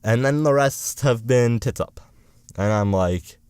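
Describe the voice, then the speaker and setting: A man's voice: fairly low pitch, slow, darkish tone, smooth, dry recording. A young man in college rambling through a profane, sarcastic political rant as a vlogger. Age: young adult.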